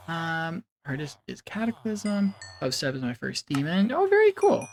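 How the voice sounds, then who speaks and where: Giggly, rambling streamer with a lively voice. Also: mid-range voice, moderate pace, a little hiss or hum. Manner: giggly, rambling, makes playful animal noises. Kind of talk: casual live-stream chat while gaming.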